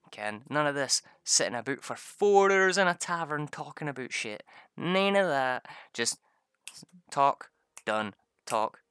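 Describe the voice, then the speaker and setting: Young adult man, casual storyteller; bright, forceful tone in a dry, close setting; profane, laughing, jumps into high excited bursts. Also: smooth, no room sound. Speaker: vlogger recapping a tabletop game session.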